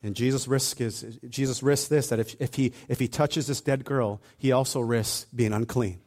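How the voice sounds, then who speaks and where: A man preaching a sermon in a conversational, animated way, acting out little asides as he retells the story. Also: mid-range voice, normal speed.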